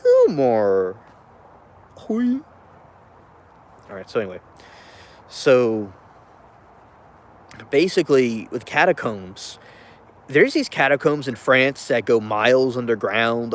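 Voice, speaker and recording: A man at an ordinary middle pitch, talking loosely as a vlogger. He rambles, restarts his sentences and drops chuckling asides as he rants about a film. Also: moderate pace, slight background noise. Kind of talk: casual rambling rant.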